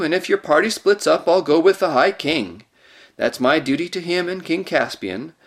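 A man voicing a gruff, plain-spoken male dwarf who grumbles bluntly. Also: fairly high pitch, voice pushed up.

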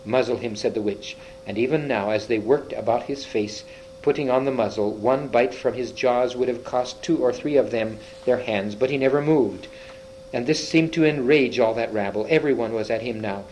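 A man reading a children's fantasy story aloud, slowly and a little haltingly, with small slips and restarts. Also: mid-range voice, a little mellow, slight background noise, poor audio. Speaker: reader.

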